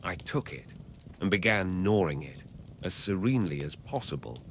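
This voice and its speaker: A man reading a classic novel aloud as an audiobook narrator, in a measured, even storytelling manner. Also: low voice, a little hiss or hum.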